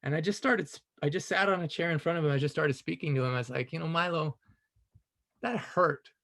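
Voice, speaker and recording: A man's voice: on the high side, very fast, gravelly. Earnest, reflective man telling a story. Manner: earnest, reflective, often says "you know", laughs softly. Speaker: call participant sharing a personal story. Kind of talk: casual spoken storytelling.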